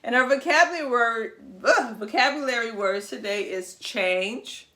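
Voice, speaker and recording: A woman's voice: a little high, moderate pace, sharp tone. A woman preschool teacher giving a video lesson to young children, talking in a sing-song, encouraging way.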